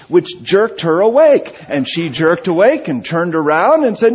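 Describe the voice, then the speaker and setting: A man preaching a sermon, telling a humorous story with animated delivery, on a dull lo-fi recording. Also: fairly high pitch, a little slow, few pauses, a little hiss or hum.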